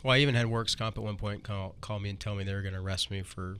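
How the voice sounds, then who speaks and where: A man as guest in a casual chat, answering quietly and briefly. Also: fairly low pitch, fairly even intonation, fast talker, clean tone.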